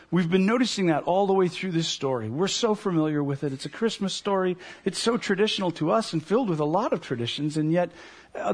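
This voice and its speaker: Male pastor, tenor range with a breathy edge, preaches with lively storytelling. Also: high voice. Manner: animated storyteller, acts out voices. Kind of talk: sermon.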